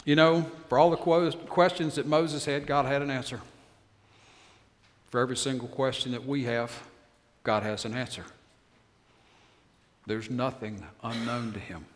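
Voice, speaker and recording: A man's voice: medium pitch, fairly even intonation. Older preacher man in a reverberant hall. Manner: storytelling preacher, shifts into slow, earnest prayer. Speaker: pastor. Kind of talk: sermon and pastoral prayer.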